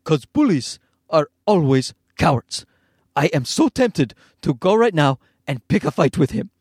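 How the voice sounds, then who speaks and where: A man's voice: fairly high pitch, very animated, unhurried, darkish tone, breathy edge, dry recording, studio quality, exaggerated voice. Man putting on a menacing Egyptian-accented voice. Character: angry burly Egyptian man texting threats.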